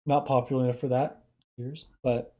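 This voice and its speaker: A reaction streamer giving casual commentary in a subdued, low-energy way, hesitating and restarting sentences often. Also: level tone, moderate pace, dull audio. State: subdued and tired.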